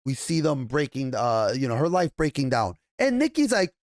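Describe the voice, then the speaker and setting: A man's voice: medium pitch, very animated, moderate pace, no room sound, clean studio sound. A young man reviewing a TV episode in an angry, profanity-heavy rant, stumbling and restarting as he gets worked up. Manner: swears constantly, stammers and restarts when agitated. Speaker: TV show reviewer.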